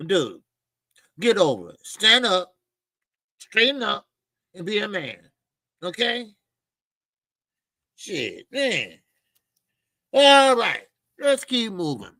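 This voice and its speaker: A man hosts a boxing talk show, ranting with loud, emphatic, mocking commentary and plenty of swearing. His voice is high and creaky, and the recording is dry.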